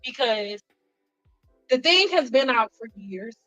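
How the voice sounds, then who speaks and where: A woman's voice: a little high, takes it slowly, no echo. Woman, hairstylist, chatty storytelling vlog, acts out quotes, lo-fi sound. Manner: animated, acts out quotes, frequent "like". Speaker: hairstylist vlogger. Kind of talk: casual storytelling to camera. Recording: dull lo-fi sound with faint music behind.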